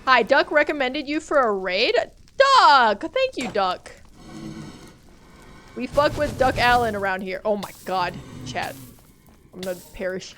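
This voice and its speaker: A young woman with a slightly high voice streams a game live. She chats to her viewers in a panicky, excitable rush. Faint game music plays behind her. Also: measured pace. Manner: panicky, excitable, talks to chat. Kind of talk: live gameplay commentary.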